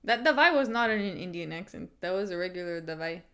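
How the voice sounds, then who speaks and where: A woman hosting a live fight watch-along, chatting excitedly, swearing casually and laughing often. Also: on the low side, fast talker. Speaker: livestream host.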